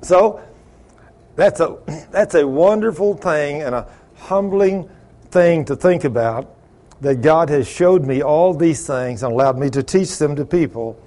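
Man, high voice, preaching, rhetorical questions, acts out quoted dialogue. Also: measured pace, darkish tone. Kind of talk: sermon testimony storytelling.

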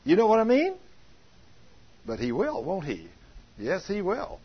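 Husky guy pastor preaching, folksy stories, acts out voices, dull lo-fi sound. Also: high voice, measured pace. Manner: animated, acts out quoted voices, breaks into shouts. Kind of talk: folksy sermon with storytelling. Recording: dull lo-fi recording.

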